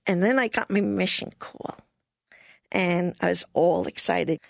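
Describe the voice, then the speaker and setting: An older woman being interviewed, telling a personal story in a lively way and often laughing. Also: on the low side, measured pace, gravelly, no echo, clean studio sound.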